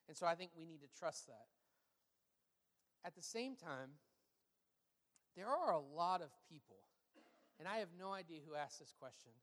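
A man, a pastor, answering questions in a sermon, talking conversationally and telling stories with an animated delivery and frequent fillers. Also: high voice, big-room sound.

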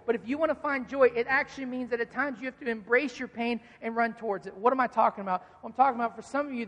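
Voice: mid-range voice, fairly bright tone, in a large hall. A pastor preaching a sermon, asking rhetorical questions and answering them, repeating key lines for emphasis.

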